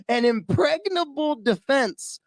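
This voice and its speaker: Excitable podcast guy, kinda high voice, keeps repeating words, dry close mic. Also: slow pace, no echo. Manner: animated storyteller, repeats words when excited. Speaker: podcast co-host. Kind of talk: casual chat.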